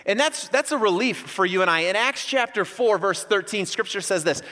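A man in his thirties delivers a sermon in a church hall, telling stories in an animated way and acting out shouts. His voice sits high and sounds bright and forceful. Long reverb from the hall hangs behind him. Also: normal speed. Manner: storytelling, animated, acts out yelling. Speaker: pastor.

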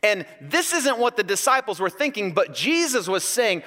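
A man preaching a sermon, an animated, joking storyteller. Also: high-pitched, moderate pace, hardly any pauses, long reverb tail. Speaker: pastor.

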